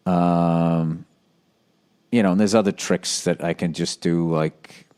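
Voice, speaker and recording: A middle-aged man hosting a casual solo podcast, reading listener letters aloud in a rambling, profane way with sudden excited outbursts. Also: deep voice, slow pace, clear, resonant tone. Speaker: podcast host.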